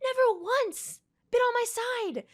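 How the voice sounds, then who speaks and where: A woman's voice: very high voice, slow pace, pitched above the performer's own voice. A woman mockingly voicing a sulky young prince who turns on his uncle, in an exaggerated quoting manner.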